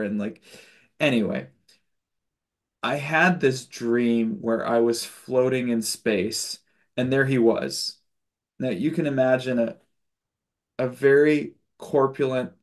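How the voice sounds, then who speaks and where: Over a video call, a man with a mid-range voice leads a spiritual discussion group. He tells stories loosely and chattily, full of fillers and self-corrections, restarting now and then and chuckling occasionally.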